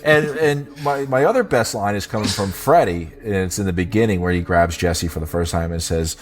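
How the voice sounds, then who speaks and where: A man's voice: low voice, brisk, few pauses, faint music behind. A man hosting a casual film podcast, playful and laughing, steering his co-hosts through the discussion. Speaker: podcast host.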